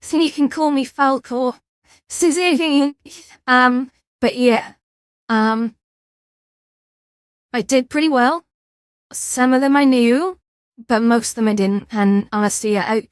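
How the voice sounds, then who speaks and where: A woman streams at the end of a long session, tired and yawning, chatting in a rambling way with many restarts. Her voice sits a little high. The sound is dry and close, with no room echo. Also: unhurried, long pauses. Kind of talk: casual chat.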